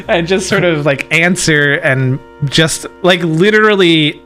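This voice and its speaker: A man's voice: fairly high pitch, slow pace, soft background music. A man hosting a stream, chatting casually with his co-host and reading out chat messages, laughing often. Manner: giggly, animated, reads out chat messages.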